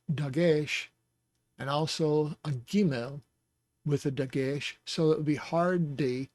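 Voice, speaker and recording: A man's voice: fairly high pitch, darkish tone, dry recording, clean studio sound. A man teaching the Hebrew alphabet in a patient, casual lesson, with small jokes and chuckles along the way. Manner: slow, patient, joking asides with chuckles.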